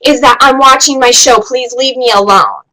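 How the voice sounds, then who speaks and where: A sulky thirteen-year-old girl whines and protests in a high, bright voice, as a woman acts her out. She sounds fed up and a little tearful at the edges, pushing back against an adult. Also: moderate pace. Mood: defiant. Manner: whiny, protesting.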